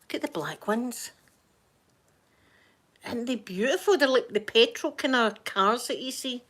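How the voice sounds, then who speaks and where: A Scottish woman chatting softly for a live ASMR stream, easy and rambling, slipping now and then into whispers, close to the microphone. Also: fairly high pitch, lively intonation, unhurried. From Scotland. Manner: soft-spoken, chatty, drifting into whispers. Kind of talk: soft-spoken ASMR chat.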